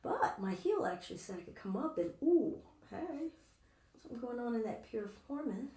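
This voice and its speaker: A woman's voice: fairly high pitch, big pitch swings, fast talker, a little mellow. A woman teaching a live yoga class, chatty and playful as she talks through her own movements. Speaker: yoga instructor. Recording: echoey room, distant mic.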